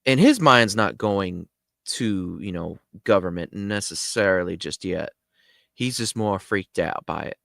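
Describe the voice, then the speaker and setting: A man with a fairly low voice tells a story in an easygoing, animated way, peppering it with fillers. He sounds dry and close, with no room echo behind him. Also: unhurried, vocal fry. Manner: animated, lots of "you know" fillers. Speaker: host. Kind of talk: casual storytelling.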